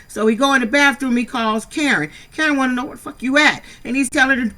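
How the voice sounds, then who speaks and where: A woman's voice: sits high, fast, pushed and bright. A middle-aged woman from San Diego giving a blunt, profane recap of a reality show, scolding the cast directly. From San Diego, USA. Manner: blunt, scolding, swears freely. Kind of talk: casual profane recap commentary.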